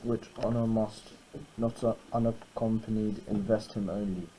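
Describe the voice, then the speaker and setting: A male student reading the lines of an aging, grateful king aloud in class, slowly and haltingly, with small slips. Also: lowish voice, flat delivery, dark tone, husky. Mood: solemn. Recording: noisy classroom recording.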